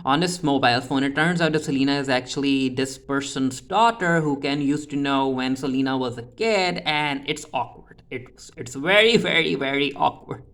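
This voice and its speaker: A man's voice: mid-range voice, normal speed, fairly bright tone. A man giving a casual, chatty recap of a TV episode, often restarting with "uh" fillers. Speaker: TV recap reviewer.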